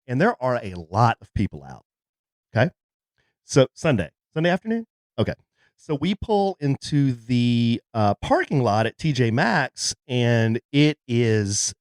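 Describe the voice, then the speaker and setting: A man's voice: mid-range voice, no room sound, studio quality. A man, co-hosting a podcast and telling a jokey story in a casual chat. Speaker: podcast co-host. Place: in a car.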